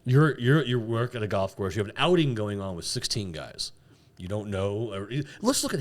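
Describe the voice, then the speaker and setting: A man's voice: on the low side, normal speed. A middle-aged man co-hosting a podcast, telling a story in casual chat, acting out the people in it and laughing often. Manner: animated storyteller, acts out shouted quotes, laughs often. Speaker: podcast co-host.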